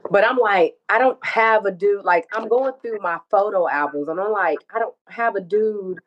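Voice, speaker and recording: A woman's voice: mid-range voice, moderate pace, lo-fi sound. A woman telling an emotional personal story, acting out dialogue and swearing freely. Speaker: guest telling her story.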